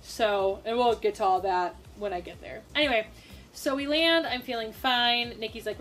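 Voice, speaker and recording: A young woman from Minnesota telling a personal story to the camera in a casual, animated way, with quick asides and acted-out quotes. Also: fairly high pitch, soft background music. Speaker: storytime vlogger.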